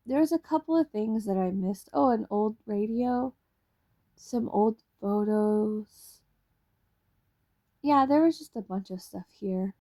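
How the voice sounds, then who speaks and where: A young woman vlogger talks over her own footage on a voice-over mic in a loose, rambling way, with casual swears and little laughs. Her mellow voice sits a bit high and carries a gravelly, fried edge.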